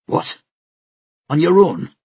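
A man's voice: mid-range voice, lively intonation, moderate pace, gravelly, fairly bright tone, slightly rough, dry recording, highs cut off, full character voice. A man voicing an angry, hurt male colonel who speaks through clenched teeth.

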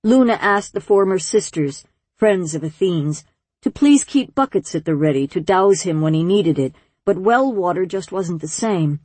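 A woman narrating an audiobook in a measured, gentle storytelling manner. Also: fairly low pitch, expressive, husky, no room sound. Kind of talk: scripted narration.

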